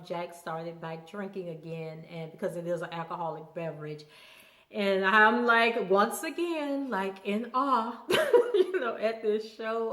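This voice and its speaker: A woman's voice: medium pitch, a bit bright. Woman chatting thru a tv recap, lots of "you know"s, echoey room. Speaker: show recap vlogger. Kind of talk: casual TV recap chat. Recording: roomy echo.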